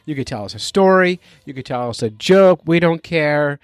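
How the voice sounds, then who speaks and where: A man's voice: a little high, animated, normal speed, smooth, no echo, clean studio sound. A man hosting a fishing podcast, talking in a goofy, self-mocking, chatty way. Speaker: podcast host. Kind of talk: casual podcast intro.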